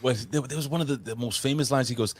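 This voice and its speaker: A man co-hosting a wrestling podcast, talking in an excited, profane, rambling casual way. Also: mid-range voice, quick pace, crowd noise. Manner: excitable, profane, jumps between topics. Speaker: podcast co-host. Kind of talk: casual chat.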